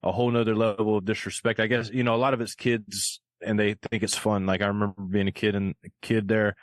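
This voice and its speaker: A man's voice: lowish voice, little pitch movement, quick pace, dry recording. A man hosting a podcast, chatting casually and rambling with lots of fillers, over a remote call. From rural area of the United States. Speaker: podcast host. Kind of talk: casual chat.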